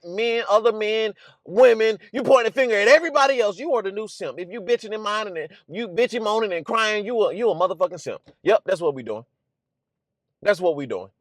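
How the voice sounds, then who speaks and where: A man with a strikingly high-pitched voice delivers an emphatic monologue as host of his own channel. He preaches bluntly and profanely, circling back to the same phrases again and again. The sound is dry and close, with no room around it. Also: dry recording. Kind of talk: ranting commentary monologue.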